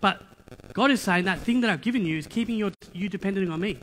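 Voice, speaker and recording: A man preaching a sermon as pastor, energetic, with playful asides and repeated rhetorical questions. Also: high voice, fast talker, slight background noise. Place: church hall. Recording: reverberant church hall.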